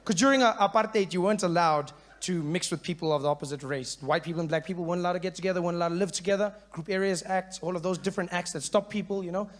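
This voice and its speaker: A South African man in his thirties performing stand-up comedy, animated and full of character bits. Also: high-pitched, racing, few pauses. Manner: animated, switches into character voices.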